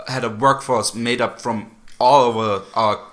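A man's voice: mid-range voice, steady tone, a little slow, fairly bright tone. A man from Austria with an Austrian German accent, hosting a casual podcast chat, talking loosely with frequent laughs and restarts. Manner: chatty, laughs often, many restarts. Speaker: podcast host.

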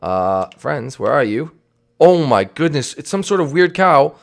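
A young man hosting an improvised game role-play, talking in an excitable, exclamatory, rambling way. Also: fairly high pitch, unhurried, creaky. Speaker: host.

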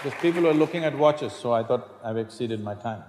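A man's voice: medium pitch, expressive, a little fast, crowd noise, noisy background. A man gives a spiritual talk in a lecture hall, emphatic and fond of rhetorical questions and dry humor. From India. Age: 60s. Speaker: spiritual teacher. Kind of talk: public talk to an audience. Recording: reverberant hall.

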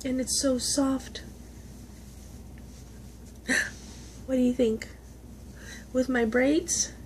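A woman's voice: high voice, steady tone, very slow, a little mellow, slight background noise. A woman, chatting casually on a vlog as she opens gifts, gushing, gasping and laughing. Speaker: vlogger. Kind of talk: casual unboxing chat.

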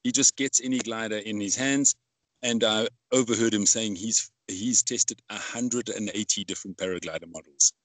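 A man's voice: on the low side, steady tone, moderate pace, a bit bright, no room sound. A man hosting a casual podcast interview, rambling with many fillers and asking leading questions. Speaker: podcast host.

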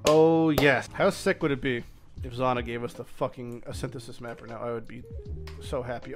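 A man streaming a video game who comments excitedly and swears at rare loot. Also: mid-range voice, brisk, faint music behind. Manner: excitable, swears often, shouts in surprise. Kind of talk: gameplay commentary.

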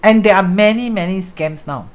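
A woman with a Singaporean English accent hosting a casual livestream chat, talking fast and loosely with viewers and dropping in Hokkien and Mandarin words. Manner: chatty, mixes in Hokkien and Mandarin words, acts out callers in high voices. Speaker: host, fortune-telling teacher.

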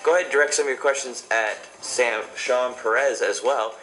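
A man giving a quick promotional shout-out in a casual vlog. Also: medium pitch, faint music behind, low-quality recording.

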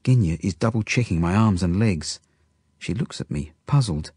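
Male storybook narrator, low and husky, dry close read. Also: animated, moderate pace, dark tone, dry recording. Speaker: audiobook narrator. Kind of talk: first-person storybook narration.

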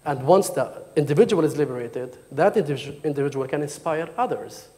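A man's voice: fairly high pitch, brisk, warm tone. A man from Jerusalem, an author giving an emphatic talk and reading from his memoir at a book launch. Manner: emphatic, questioning the audience. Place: lecture hall. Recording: long reverb of a hall.

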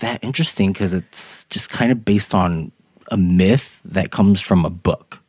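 A man's voice: sits low, measured pace, darkish tone, dry recording. A man co-hosting a casual podcast, reading out idiom meanings and laughing often. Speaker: podcast co-host. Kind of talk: casual chat.

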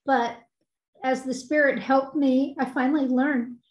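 A woman teacher sharing a classroom story, halting and full of fillers. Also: sits high, steady tone, echoey room. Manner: halting, many fillers and likes. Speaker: religion teacher. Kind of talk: casual sharing in a meeting.

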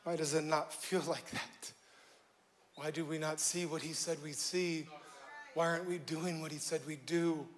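High-voiced animated male pastor. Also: unhurried. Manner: animated, jokey preaching that swings between loud and hushed. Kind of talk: sermon. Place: church stage before a live congregation.

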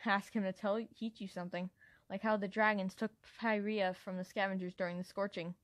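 A woman's voice: medium pitch, flat delivery, brisk, no room sound, close to an everyday voice. A woman voicing a young male dragon who sounds earnest and anxious, as an amateur audiobook character. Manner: anxious, pleading.

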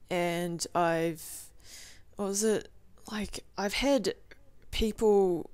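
A woman's voice: medium pitch, smooth, dry recording. A young woman in a casual video diary, rambling and swearing freely with lots of "like" and "you know", recorded at home. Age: young adult. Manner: rambling, profane, filler-heavy with lots of "like". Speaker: vlogger.

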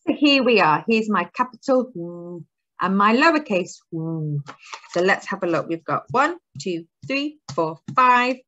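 A woman's voice: medium pitch, very animated, takes it slowly, fairly bright tone, dull audio. A woman teaching a phonics lesson to young children, drawing out her words in a sing-song, encouraging way. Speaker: early years teacher.

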